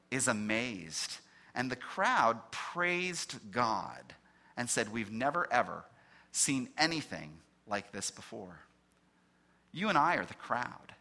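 A male pastor preaching with a lively, swooping delivery and a bright, forceful tone. He walks through scripture point by point, slowing for dramatic pauses and acting out the quoted lines. The feel is earnest, expository preaching. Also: mid-range voice. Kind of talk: sermon.

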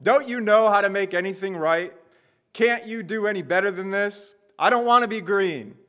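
A man's voice: sits high, a bit bright, smooth, voice pushed up. A man doing a tiny ranting clay figurine. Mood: ranting, indignant. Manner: whiny, indignant, rapid complaints.

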